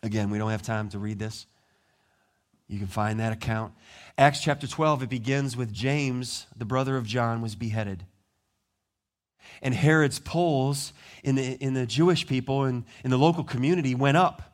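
A male pastor preaching a sermon, telling the story with lively, animated delivery and acting out the people in it. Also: mid-range voice, moderate pace.

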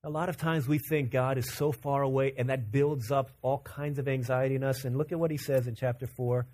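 A man from Virginia preaching a conversational, animated sermon as pastor. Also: medium pitch. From Virginia, USA. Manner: conversational and animated, acting out quick character quotes.

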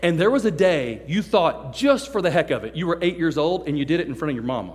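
A fairly high-voiced man preaches with lively, joking energy and slips into little impressions of the people he describes. His voice carries a long reverb from the big hall around him. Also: fast, hardly any pauses. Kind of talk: sermon to a youth service.

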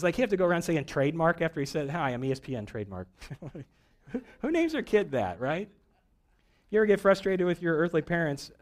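A man preaching a sermon in a conversational, joking way, a pastor who acts out little voices to make his points. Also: a little high. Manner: conversational and humorous, acting out voices for jokes.

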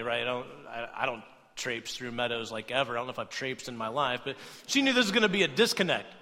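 In a large hall, a young man preaches quickly in a medium-pitched voice. As a pastor giving a chatty, lively sermon, he repeatedly punctuates his points with "right?"

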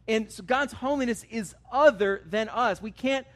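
A man's voice: high-pitched, normal speed, hardly any pauses, a bit bright. A man preaching a sermon as pastor, earnest and conversational, rising to emphatic stresses on key words. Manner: conversational asides with fillers.

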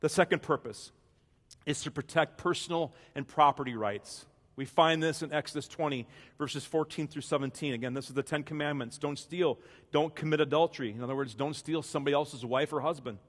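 A man preaches a sermon in a relaxed, conversational way, restarting phrases and pointing listeners to their notes. His voice sits a little high for a man. The sound rings with the long reverb of a large hall. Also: fairly quick. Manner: conversational preaching with frequent restarts and fill-in-the-blank asides. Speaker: pastor.

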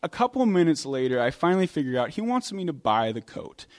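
A man preaching a sermon, from New York, telling stories in a relaxed, conversational way with pauses and restarts. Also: on the high side. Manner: conversational storytelling with hesitations. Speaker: pastor.

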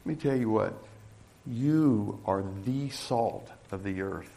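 A middle-aged male pastor preaching a sermon, swinging from loud, emphatic calls to the congregation to quiet, hushed storytelling. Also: fairly low pitch, takes it slowly, gravelly.

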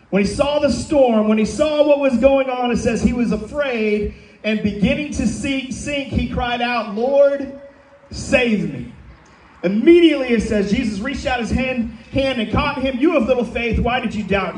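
A man, a pastor, preaching a sermon with emphatic calls to the congregation. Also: very high voice. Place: church sanctuary. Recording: echoey hall, mic from a distance.

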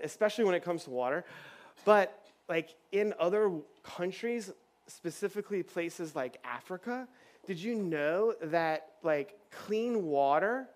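A man leading a children's church session on stage, playful and chatty with lots of fillers. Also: fairly high pitch. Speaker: children's pastor. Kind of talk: lively children's church talk. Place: church stage with kids and adults.

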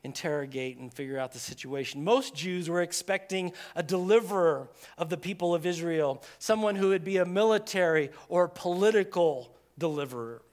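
Animated man preaching a sermon. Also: sits high, normal speed, few pauses. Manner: conversational, animated preaching with dramatic quoted voices. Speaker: pastor.

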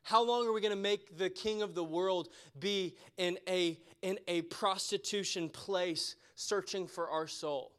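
A man preaching a sermon with passion, repeating phrases for emphasis and going soft and quiet toward the close. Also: high voice, measured pace, hardly any pauses. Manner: impassioned, repeats phrases for emphasis, drops to a soft tone near the end.

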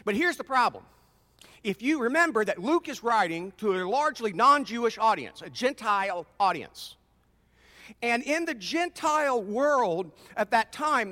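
A man preaching a conversational sermon as pastor in a church. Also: very high-pitched. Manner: animated, conversational preaching with acted-out voices. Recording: long reverb in a large hall.

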